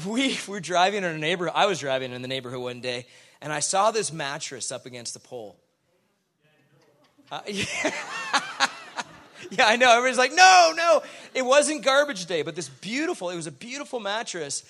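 A man's voice: sits high, very animated, normal speed, pushed and bright. A middle-aged man, a pastor preaching a sermon full of chatty, self-deprecating stories.

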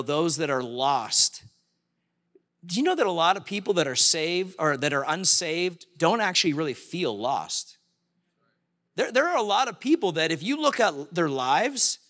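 A man in middle age delivers a sermon in a chatty, storytelling manner, acting out what people said. His voice sits a little high and sounds bright and forward. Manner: conversational preaching, acts out quoted voices. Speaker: pastor.

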